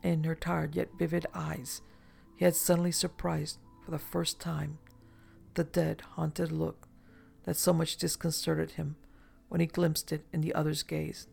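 A narrator reading a romantic adventure novel aloud in measured, even storytelling. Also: mid-range voice, vocal fry, breathy edge, soft background music. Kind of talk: audiobook narration.

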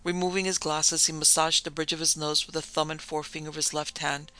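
A man narrating an audiobook in a measured, dramatic way. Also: fairly high pitch, level tone, sharp tone, clean tone, rough recording. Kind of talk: audiobook reading. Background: faint music.

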